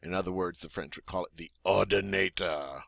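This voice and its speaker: A man teaching French vocabulary, modeling each word slowly and deliberately, then pausing for the listener to repeat, in a friendly, encouraging teacher's tone. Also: deep voice, vocal fry, fairly bright tone, dry recording. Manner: slow, deliberate model pronunciation with pauses for repeating. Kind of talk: vocabulary lesson for learners.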